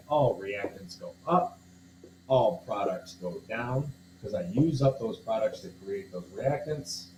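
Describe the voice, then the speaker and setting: A man's voice: mid-range voice, darkish tone, echoey room, slight background noise, rough recording. A man teacher working through a homework problem aloud, step by step, checking in with his students. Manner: talks through steps aloud, checks in with listeners. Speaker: chemistry teacher. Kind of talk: homework walkthrough lesson.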